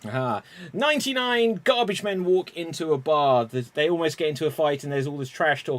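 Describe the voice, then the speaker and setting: A man hosting an online improv game over a video call, unhurried and chuckling as he calls on players by name. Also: fairly high pitch, expressive. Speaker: improv show host.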